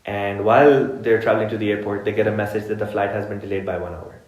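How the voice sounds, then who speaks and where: A man giving an evening religious lesson at a mosque, telling stories in a relaxed, conversational way and speaking directly to his listeners. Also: lowish voice, quick pace. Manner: relaxed anecdotal storytelling, addressing the audience directly. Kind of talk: conversational religious talk, storytelling. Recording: echoey room.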